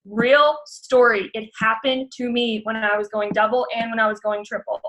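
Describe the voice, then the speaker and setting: A woman's voice: fairly high pitch, fairly even intonation, normal speed, a bit bright, low-quality recording. A young woman giving an earnest motivational pep talk to her sales team, repeating her key lines for emphasis.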